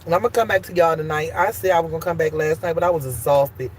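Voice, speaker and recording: Hosting a casual live stream, a woman speaks quickly in a deep, darkish voice over slight background noise. Her talk is emphatic and full of swearing, shifting from fiery outbursts to gentle encouragement.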